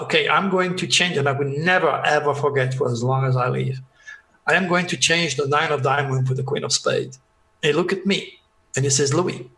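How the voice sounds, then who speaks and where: A man's voice: fairly high pitch, creaky, sharp tone, reverberant, rough recording. A man from France, telling a dramatic story as a podcast guest and acting out the dialogue. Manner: dramatic, acts out dialogue, restarts often. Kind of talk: animated storytelling.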